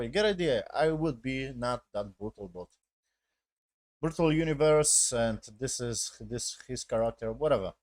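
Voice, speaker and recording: A medium-pitched male voice at a moderate pace, with no echo. The reviewer gives a rambling, casual rundown of a show episode in non-native, grammatically broken English, full of swearing and frequent "basically" and "yes?" check-ins.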